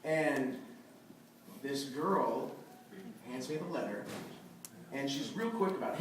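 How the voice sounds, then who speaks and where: A man in his thirties, a voice actor at a convention panel, telling a story in an animated way and acting out the quotes. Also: mid-range voice, slow, pauses often, slight background noise. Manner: animated anecdotal, acts out quotes. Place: large convention hall. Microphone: phone camera from the audience. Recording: echoey hall from far off, phone audio.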